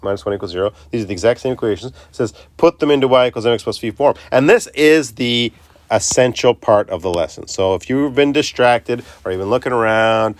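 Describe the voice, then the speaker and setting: A man's voice: mid-range voice, animated, fairly quick, no echo. A man teaching a recorded math lesson, chatty and self-interrupting, talking students through each step.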